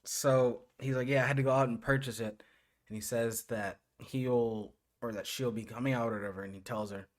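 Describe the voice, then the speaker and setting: A man co-hosting a podcast, recapping a show in casual chat and acting out quotes in low mumbles. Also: steady tone, a little fast. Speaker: podcast co-host.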